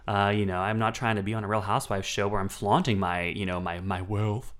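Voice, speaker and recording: Animated man telling stories on a podcast. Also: fairly low pitch, fairly quick. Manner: animated storyteller, playful, mocking. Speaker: podcast co-host. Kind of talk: casual chat.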